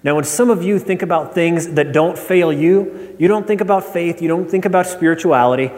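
High-voiced pastor preaching in a reverberant hall. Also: male voice, fairly quick, darkish tone. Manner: storytelling, acts out a joke with rising pitch. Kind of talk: sermon. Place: church sanctuary.

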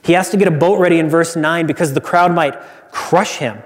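A male pastor delivers an earnest, emphatic sermon, circling back to repeated refrains for emphasis. His voice sits a little high for a man. The sound carries a long, reverberant hall tail. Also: fairly quick.

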